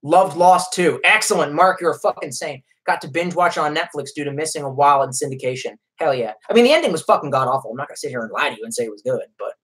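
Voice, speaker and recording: Male streamer, casual and profane, rambling through chat comments; very animated pitch. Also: quick pace, hardly any pauses, slightly rough. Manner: profane, rambling, self-deprecating. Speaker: live streamer.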